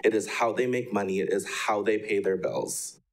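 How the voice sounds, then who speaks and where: A young man from Wisconsin giving a sincere, measured public comment at a city council meeting. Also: fairly low pitch, slight background noise, rough recording.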